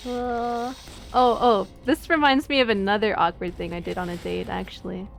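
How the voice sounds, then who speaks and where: A woman's voice: mid-range voice, fairly even intonation, moderate pace, vocal fry, soft background music. A young woman streamer chatting casually over gameplay, giggly and self-deprecating.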